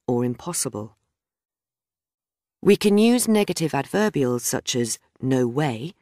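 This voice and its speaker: A woman reading a scripted grammar lesson in a measured, explanatory way. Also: low-pitched, a little mellow, no room sound, studio quality. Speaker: grammar teacher. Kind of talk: scripted instructional narration.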